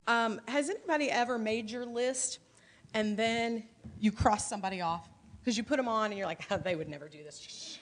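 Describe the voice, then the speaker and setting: A middle-aged Illinois woman gives her sales team a lively, chatty training talk, acting out snippets of dialogue. Her voice sits on the high side at a normal pace.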